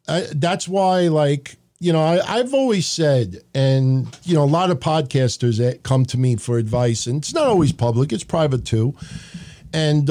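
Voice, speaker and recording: A man's voice: medium pitch, dark tone. A middle-aged man, hosting a podcast and telling stories in a blunt, profane, casual monologue. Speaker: podcast host.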